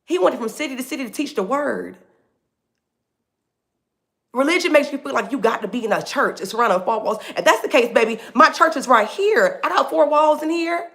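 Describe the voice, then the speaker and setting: A woman's voice: sits high, lively intonation, normal speed, fairly bright tone. A woman hosting a faith talk livestream, preaching casually and animatedly, calling her listeners "baby".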